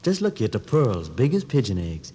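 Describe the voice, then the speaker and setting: A man's voice: on the low side, wildly swooping pitch, moderate pace, mellow. An actor playing a folksy, eager young man in a 1940s radio drama, full of homespun slang. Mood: tender. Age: young adult. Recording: old radio broadcast with hall reverb and faint hiss.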